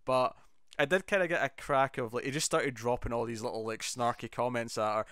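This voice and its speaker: A man talks through an episode with his co-host in lively, animated bursts, jumping into little acted-out lines along the way. His voice comes through smooth and clean on a close, dry mic with almost no room sound. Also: mid-range voice, a little fast, dry recording. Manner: animated, enthusiastic, quotes scenes in bursts. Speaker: podcast co-host. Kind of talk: casual chat.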